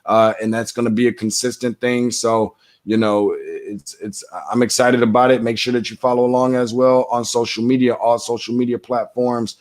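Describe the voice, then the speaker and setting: A man co-hosting sports talk radio, thanking his partner at length in an effusive, halting way. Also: medium pitch, steady tone. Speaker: basketball co-host.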